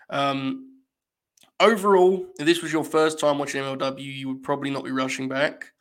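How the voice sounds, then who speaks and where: A man's voice: medium pitch, a bit bright, clean tone. A man hosting a wrestling podcast, giving rambling, wry live-stream commentary and talking to his chat.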